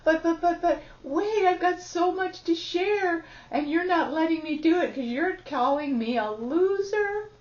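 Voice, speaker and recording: A woman's voice: very high voice, measured pace, hardly any pauses, darkish tone, echoey room, voice pushed up. A woman voicing a small, innocent inner part of herself that pleads, near tears, against being called a loser. It sounds like a dull lo-fi recording. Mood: pleading.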